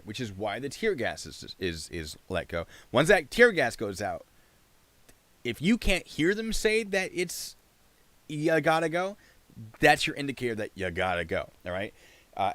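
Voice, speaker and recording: A man hosts a casual livestream and walks through his argument point by point, asking rhetorical questions as he goes. His pitch rises and falls a lot. The sound is close and dry. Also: normal speed, no echo. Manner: animated, explains with rhetorical questions.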